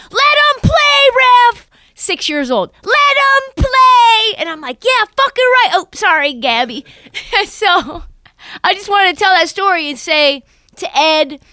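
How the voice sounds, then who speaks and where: A young woman hosts a casual sports podcast, chatting in an animated storytelling way and slipping into other people's voices. Her voice sits a little high and sounds bright and crisp. The recording is close and dry. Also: no echo. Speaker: podcast host. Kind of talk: casual basketball podcast chat.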